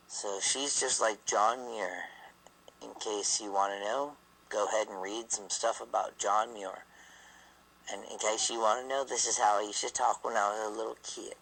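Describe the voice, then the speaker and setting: A man's voice: medium pitch, normal speed, vocal fry, bright, forceful tone, poor audio. A man telling a family story in a rambling, profane, loose way. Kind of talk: casual spoken storytelling.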